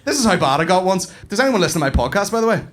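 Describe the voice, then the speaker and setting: Swearing Northern Irish stand-up comedian. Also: male voice, high-pitched, racing, noisy background. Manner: swearing, animated storytelling. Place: comedy club stage with live audience.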